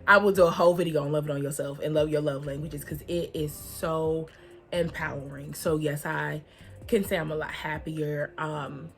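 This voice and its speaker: A woman's voice: sits low, fairly even intonation, normal speed, vocal fry, faint music behind. A young woman, talking to her viewers in a casual, heartfelt vlog and laughing often. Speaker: vlogger.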